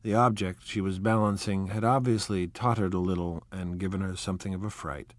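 A man reading a novel aloud in a measured, quietly expressive narration. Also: deep voice, no echo. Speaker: audiobook narrator.

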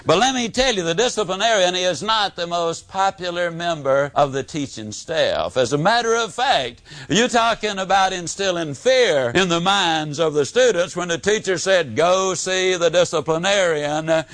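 Animated male motivational speaker. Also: normal speed, few pauses, dry recording. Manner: animated storyteller, swings from high to low. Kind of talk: motivational speech with stories.

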